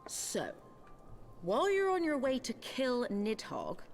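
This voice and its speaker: A woman's voice: on the high side, huge pitch swings, takes it slowly, faint music behind, heavily acted. An actress voicing a tough, street-wise woman leader in a video game cutscene, speaking in a dry, sardonic, commanding way. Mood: explaining.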